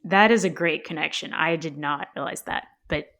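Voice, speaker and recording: Woman musing on a book club podcast, lowish voice, lots of right and you know. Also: normal speed, a bit bright. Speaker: podcast co-host. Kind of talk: casual book club discussion.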